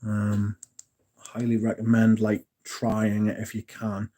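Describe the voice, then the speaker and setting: A relaxed, dark-toned English man talks loosely to his livestream chat. He rambles, trips over his words and corrects himself, then drops in a casual swear or a joke. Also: on the low side, slow. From England. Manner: rambling, self-correcting, jokey and profane. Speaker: livestream host.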